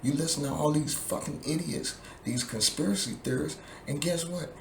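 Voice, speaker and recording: A man's voice: fairly high pitch, moderate pace, gravelly, slight background noise. A man in a vlog, delivering an angry, profane political rant that keeps circling back to the same points. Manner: profane, heated, repetitive. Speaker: vlogger. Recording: echoey room with faint ambience.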